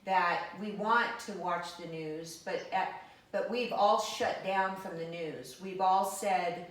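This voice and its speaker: A woman's voice: lowish voice, recorded from a distance. A woman host who keeps affirming her guest in casual talk. She sounds set back from the mic in a very echoey room. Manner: affirming, quick to agree. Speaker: interviewer, host.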